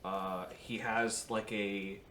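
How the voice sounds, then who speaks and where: A man describing his character as a player at a tabletop game, halting and full of fillers. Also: fairly low pitch, level tone, sharp tone, a little hiss or hum. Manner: slow, halting, filler-heavy.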